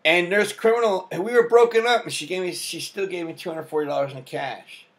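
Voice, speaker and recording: A man's voice: sits high, brisk. A young adult man telling a rambling story in a casual vlog, full of fillers and laughs. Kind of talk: rambling personal vlog monologue.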